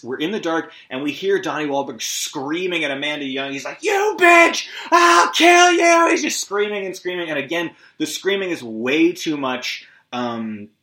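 Male podcast host, bright, sharp tone, rambling recap with profane asides, lo-fi echoey room. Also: a little high. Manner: rambling, scattered, swearing, self-deprecating asides. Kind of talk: solo movie recap.

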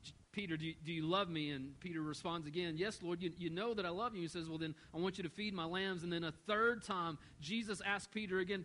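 Storytelling pastor, fairly high voice. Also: male voice, a little fast, a bit bright, low-quality recording. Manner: storytelling, acts out quoted voices. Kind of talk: sermon.

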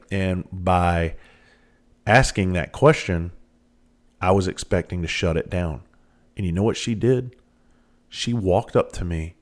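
A man in his thirties telling candid personal stories in a casual, rambling monologue, swearing freely. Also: sits low.

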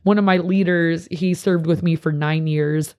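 This is a youth pastor chatting on a podcast with plenty of passion. The voice sits at a middling pitch and bursts into small acted-out quotes as the points stack up. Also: lo-fi sound. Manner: passionate, animated, quick to act out quotes. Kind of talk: casual podcast chat.

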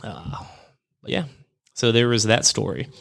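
A man's voice: fairly low pitch, lively intonation, a little slow, gravelly, a bit bright. A man hosting a podcast, telling a personal ghost story in a rambling, self-correcting way and chuckling at himself. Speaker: podcast host. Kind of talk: casual storytelling monologue.

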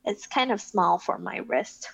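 A woman's voice: mid-range voice, expressive, a little slow, creaky, fairly bright tone, no room sound. A woman playing a tabletop game in character, rambling with many fillers. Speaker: player. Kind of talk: casual tabletop role-play. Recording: dull, dry lo-fi mic.

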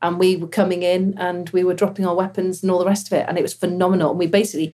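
A woman with a slightly breathy voice talks through her years as a fighter pilot. She tells it casually and animatedly, with bursts of laughter. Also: lowish voice, racing. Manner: animated, laughs while telling stories. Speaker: former fighter pilot guest. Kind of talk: casual interview storytelling.

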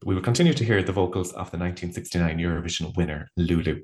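A man's voice: deep voice, rapid-fire. A man co-hosting a podcast, reading a news roundup playfully and then chatting casually. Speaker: podcast co-host.

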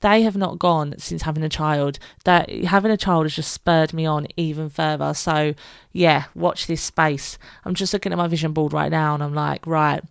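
A woman's voice: sits low, steady tone, normal speed, vocal fry, clear, resonant tone, no room sound, studio quality. A British woman hosting her own podcast, talking candidly and chattily, laughing often and swearing freely. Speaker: podcast host. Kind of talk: casual solo podcast chat.

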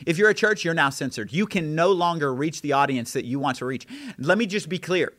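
A pastor preaching an impassioned sermon, building intensity through repeated challenges. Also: male voice, fairly high pitch, expressive, a little fast, a bit bright, dry recording, studio quality.

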